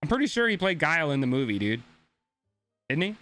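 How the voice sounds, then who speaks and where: A man's voice: fairly high pitch, sing-song, a little fast, bright, forceful tone, soft background music. A young man streaming a game, ranting casually and swearing a lot as he talks to his chat. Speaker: gaming streamer.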